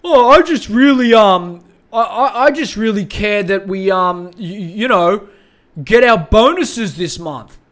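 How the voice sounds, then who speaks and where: A man's voice: high voice, lively intonation, a little slow, a bit bright. A sleazy office flirt, put on by a man, giggles and stammers in a raised, sing-song voice. He sounds smarmy and caught out, piling up flimsy excuses. The tone keeps sliding up as he talks. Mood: flustered excuses.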